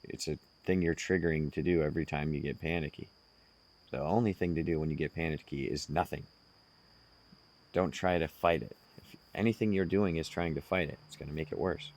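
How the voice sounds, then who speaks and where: A man speaking slowly and earnestly, giving direct self-help advice to the listener. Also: rumbling low, fairly even intonation, a little mellow. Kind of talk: casual advice monologue.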